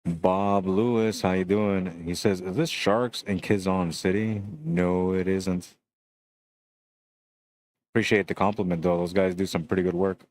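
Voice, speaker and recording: In a dry recording, a man with a deep voice calls a live pool game without hurrying, talking casually through each shot. Between shots he says hello to stream viewers by name.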